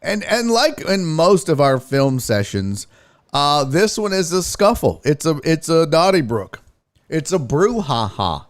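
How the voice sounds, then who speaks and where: Reading donations from viewers, this sports livestream host keeps things loose with crude, playful banter. His voice sits on the high side and has a sing-song, unhurried lilt.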